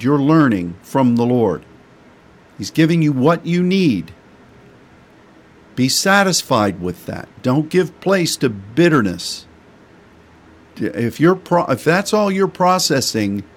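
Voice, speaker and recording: A middle-aged male preacher delivering a sermon in a folksy manner. He speaks slowly and deliberately, with a mid-range voice. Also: mid-range voice. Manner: folksy, with homespun sayings.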